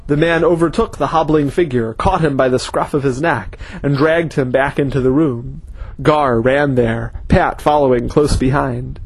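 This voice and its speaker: A man reading a story aloud as narrator in a steady, measured way. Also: mid-range voice, slightly rough, low-quality recording. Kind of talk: audiobook reading.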